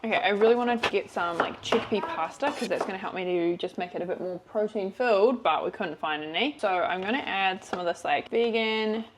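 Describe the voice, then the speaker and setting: An upbeat woman chatting through her dinner prep in a home kitchen, speaking at a middle pitch. She talks casually and teases herself now and then. A faint hiss of background noise sits under her voice. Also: fairly quick, hardly any pauses. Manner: chatty, upbeat, self-teasing. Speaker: vlogger cooking at home. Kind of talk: casual cooking vlog chat.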